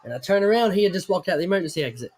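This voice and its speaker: A man's voice: sits high, animated, racing, darkish tone. A man hosting a casual chat, telling a rambling, profane, self-mocking story. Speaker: host.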